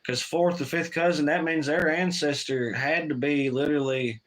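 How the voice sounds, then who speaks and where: A man's voice: on the high side, steady tone, normal speed, a bit bright, a little hiss or hum. A man hosting a casual livestream, rambling and swearing while he reads chat aloud. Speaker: livestream host.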